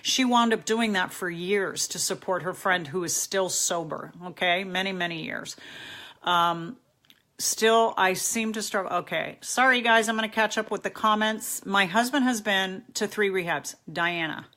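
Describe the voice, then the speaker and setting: A woman's voice: medium pitch, moderate pace, bright, forceful tone. A middle-aged woman hosting a live advice stream, reading out viewer questions and answering them candidly and directly.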